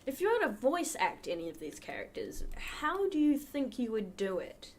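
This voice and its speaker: A woman's voice: a little high, big pitch swings, normal speed, slight background noise. A woman hosting a charity livestream, chatting casually with viewers while she plays a game at her computer. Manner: chatty, talks to the chat while playing. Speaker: livestream host. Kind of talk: casual gameplay commentary.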